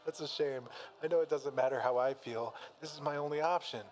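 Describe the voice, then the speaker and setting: A calm, protective female combat android who accepts that she has no choice, voiced by a man. She speaks plainly, in a near-everyday man's voice. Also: on the high side, brisk, lightly acted. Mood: resigned.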